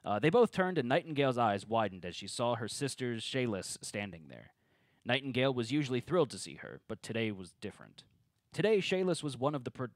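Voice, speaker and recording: A man's voice: mid-range voice, no room sound. A man reading the narration at a tabletop game table read and joking with the other players.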